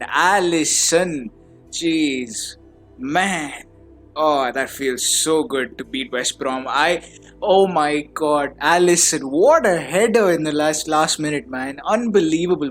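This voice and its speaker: A man hosting a casual fan podcast, gushing and stammering, his voice trembling with excitement. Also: on the high side, takes it slowly, soft background music. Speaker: podcast host.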